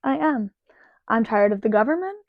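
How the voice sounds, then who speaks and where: A woman's voice: fairly high pitch, lively intonation, normal speed, no room sound. A woman hosting her own show, ranting casually and profanely in an exasperated tone and laughing often. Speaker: podcast host and bartender. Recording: dry, slightly dull lo-fi recording.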